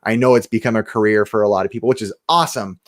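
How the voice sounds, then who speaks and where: A man's voice: on the low side, fairly even intonation, very fast. A man chatting casually on a livestream, telling upbeat stories in a talkative way. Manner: upbeat, talkative anecdote teller. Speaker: YouTube show host, guest.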